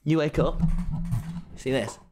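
A young man streaming a game live, swinging between yelped protests and quiet muttered asides to his chat. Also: a little high, slow pace, a little hiss or hum.

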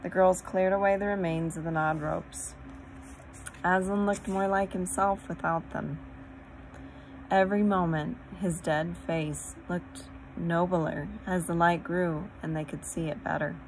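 A woman narrating a children's storybook aloud in a steady, gentle read-aloud manner. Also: on the low side, unhurried, a little hiss or hum, low-quality recording. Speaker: audiobook reader.

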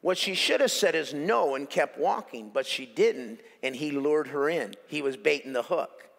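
In an echoey church hall, a male pastor delivers a lively sermon at a moderate pace, joking and driving phrases home through repetition. His voice is high for a man, with a gravelly rasp, and it rings out under long reverb.

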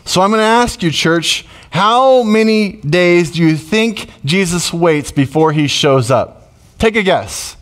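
A middle-aged man preaching a sermon as pastor, conversational and emotional, with sudden loud rises. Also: sits high, lively intonation, takes it slowly.

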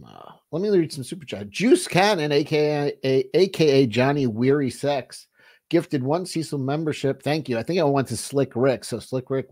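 Reading viewer chat aloud, a livestream host with a medium-pitched, slightly mellow voice keeps things casual. His talk is rambling and profane, with plenty of restarts.

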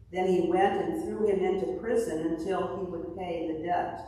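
A woman pastor preaches and reads scripture at a slow, unhurried pace. Her voice comes from a distance, ringing through a large, echoing church hall with a long reverb tail. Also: on the low side, darkish tone. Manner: slow, measured delivery with a told joke. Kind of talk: scripture reading and sermon. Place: church sanctuary. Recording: distant mic in an echoey hall.

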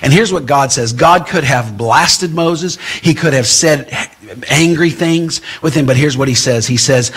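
A man preaching as a guest speaker, animated and conversational, often stumbling over and repeating words as he pushes forward. His voice sits fairly high for a man. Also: measured pace, slightly rough. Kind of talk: sermon.

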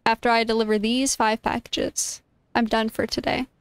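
A woman's voice: fairly high pitch, little pitch movement, moderate pace, smooth, no echo. A young woman streaming a game, chatting casually, reading game text aloud and exclaiming often. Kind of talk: casual gameplay commentary.

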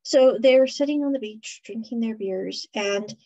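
A woman hosts a podcast and recaps an episode in a loose, chatty ramble, laughing often as she goes. Her voice sits fairly high with a breathy, husky edge. The recording sounds muffled and lo-fi. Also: unhurried, dark tone. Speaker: podcast host.

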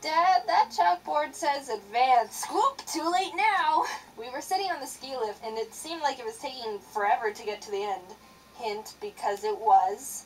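A young woman animator telling a childhood story in a sarcastic, expressive narration. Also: on the high side, recorded from a distance, slight background noise, rough recording.

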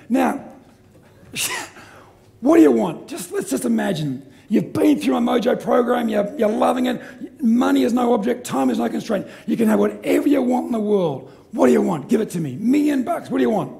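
Gravelly high-voiced man presenting. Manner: energetic, joking, quizzes the audience. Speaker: seminar presenter. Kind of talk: live seminar talk to an audience.

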